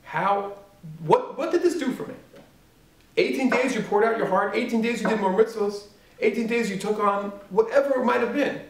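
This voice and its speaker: Rabbi's sermon, male, higher-pitched and gravelly, animated, rhetorical; echoey room, away from mic. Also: moderate pace, recorded from a distance. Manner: animated, rhetorical questions, swings from loud to hushed. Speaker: rabbi teaching at a yeshiva.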